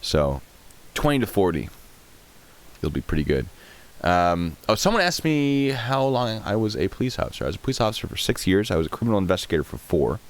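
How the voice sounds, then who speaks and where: A man's voice: lowish voice, sing-song, a little fast. A man in his thirties hosting a live stream, chatting casually and rambling while answering chat questions.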